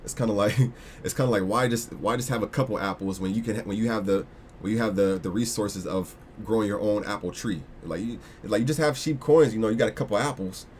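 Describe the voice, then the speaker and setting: A young man hosts a casual crypto livestream in a lowish, slightly mellow voice at a brisk pace, rambling with many restarts and slangy asides. There is slight background noise.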